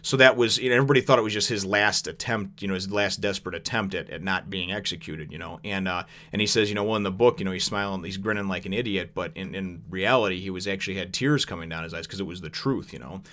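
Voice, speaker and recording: A man's voice: sits low, fast talker, hardly any pauses, fairly bright tone. A young adult man casually recapping a manga chapter, rambling with lots of fillers and chuckles.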